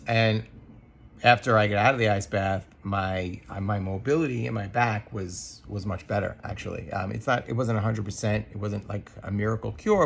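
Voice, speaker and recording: Gravelly, husky-voiced man reflecting earnestly. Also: lowish voice. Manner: earnest, thoughtful, many ums and restarts. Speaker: podcast co-host. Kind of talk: reflective personal monologue.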